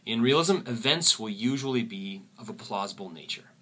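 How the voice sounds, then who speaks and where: A man teaching a literature lesson, often pausing and repeating words as he thinks. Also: lowish voice, lively intonation, bright, forceful tone, breathy edge. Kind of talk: recorded lecture.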